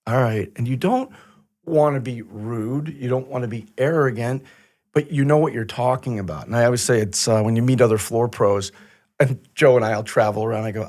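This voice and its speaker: A man's voice: mid-range voice, fairly quick, a little mellow. A man hosting a casual podcast, talking in a chatty storytelling way and acting out quoted back-and-forth. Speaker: podcast host.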